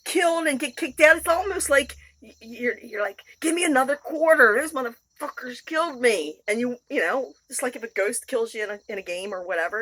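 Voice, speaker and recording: A woman's voice: a little high, animated, a little fast, few pauses, a bit bright, no room sound, low-quality recording. A woman telling her personal story in a raw, rambling monologue, blunt and profane. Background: music.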